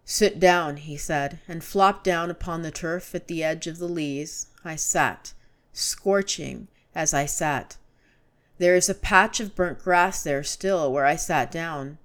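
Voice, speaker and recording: Woman, audiobook narrator, classic story, measured delivery, slightly low voice. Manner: measured, storytelling, rising to urgent shouts in dialogue.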